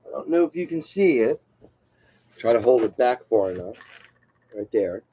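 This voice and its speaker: A man's voice: mid-range voice, sing-song, moderate pace, mellow, breathy edge, muffled recording. A man live streaming a rambling, self-deprecating casual comedy monologue from home.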